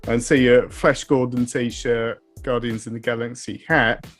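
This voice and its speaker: A man's voice: medium pitch, steady tone, a little slow, soft background music. A man co-hosting an interview, asking questions with searching, hedging phrasing. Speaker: podcast co-host. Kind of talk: casual interview chat.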